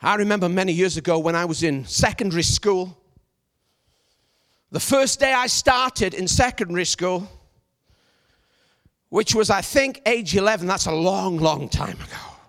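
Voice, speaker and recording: A middle-aged man preaching a sermon as an evangelist, with shouted, emphatic lines. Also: sits high, moderate pace, pauses often.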